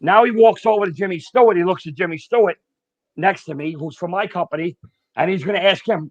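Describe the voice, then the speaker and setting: Speaking a little fast in a high voice, a middle-aged former firefighter swaps casual tales on a podcast, blunt, foul-mouthed and animated. The sound is dry and dull lo-fi, without any echo.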